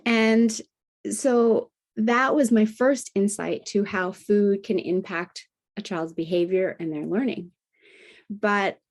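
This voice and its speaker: A middle-aged woman, a health coach, telling a personal story in a conversational podcast interview and often adding "you know" and "right?". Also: darkish tone. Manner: acts out remembered dialogue with lifted pitch. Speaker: guest, integrative health practitioner and health coach.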